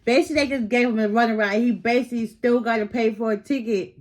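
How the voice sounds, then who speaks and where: An American woman hosting a reaction video, excited, giggly and slangy in casual commentary. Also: fairly high pitch, quick pace. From United States.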